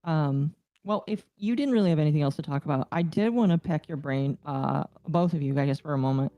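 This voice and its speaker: A woman's voice: deep voice, a little fast, dry recording, lo-fi sound, faint music behind. A woman guest on a podcast, laid-back and a little hesitant as she brings up a new question. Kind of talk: casual chat.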